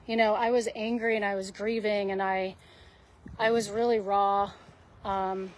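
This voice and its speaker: A woman's voice: medium pitch, a little hiss or hum. Woman host, heartfelt unscripted chat to viewers, rambling with lots of fillers, near tears, mid-range voice. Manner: rambling and earnest, many fillers and restarts. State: close to tears at times. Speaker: host of a live video. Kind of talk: heartfelt casual monologue to viewers.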